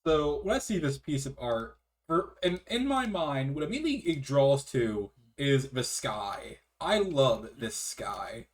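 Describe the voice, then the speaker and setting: Lively, chatty man co-hosting. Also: medium pitch, a little slow, few pauses. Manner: animated, swears, trails off mid-sentence. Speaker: co-host reading art history. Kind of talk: casual podcast chat, reading aloud.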